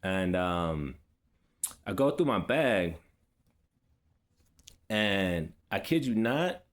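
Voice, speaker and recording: A man with a fairly low voice talks straight to his audience in a loose, casual vlog. He rambles with plenty of fillers and restarts and drops easy street slang as he goes. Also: very animated, extremely slow. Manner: laid-back street slang. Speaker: vlogger. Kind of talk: casual personal storytelling.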